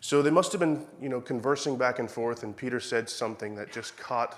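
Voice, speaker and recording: Irish-accented male preacher, chatty church sermon, acts out the dialogue, mid-pitched voice. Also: a little fast. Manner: conversational, acts out quoted dialogue, self-corrects. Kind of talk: sermon with Bible reading.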